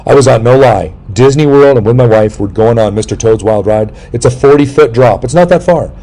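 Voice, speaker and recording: A middle-aged man hosting a casual interview chat, telling rambling, jokey stories and breaking into sudden loud yelps. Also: medium pitch, fairly quick. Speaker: podcast host.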